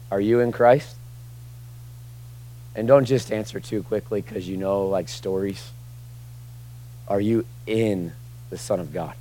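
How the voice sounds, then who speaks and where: A young adult man preaching a sermon in a conversational way, dropping to quiet asides and rising to loud, emphatic bursts. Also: lowish voice, takes it slowly, pauses often, rough recording. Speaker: pastor.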